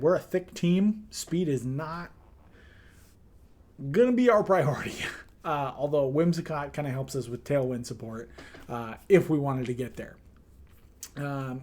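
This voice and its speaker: A man's voice: mid-range voice, darkish tone. Chatty man with lots of ums. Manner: loose and chatty, many "um"s, playful slang. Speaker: draft league team manager. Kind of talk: casual team review.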